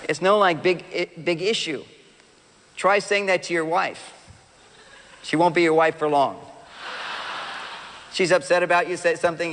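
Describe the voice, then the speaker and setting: A man with a notably high voice gives an animated seminar talk to a live audience. He throws questions at the crowd and slips into little acted-out quotes. His words ring with a long hall reverb. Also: moderate pace, pauses often. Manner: animated, acts out quoted partners and addresses the audience directly. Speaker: relationship speaker.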